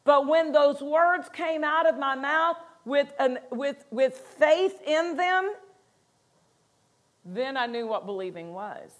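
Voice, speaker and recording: A woman's voice: sits high, animated, slow. A woman pastor preaching a sermon in a conversational way, acting out quotes and laughing between points.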